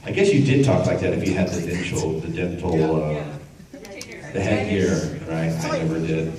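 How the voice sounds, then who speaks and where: Speaking at a moderate pace in a low voice, this middle-aged man, a voice actor, banters with a convention crowd and keeps drifting into tangents during a relaxed panel. The audio comes from a distance in a big, echoing convention hall, with laughter and crowd sounds.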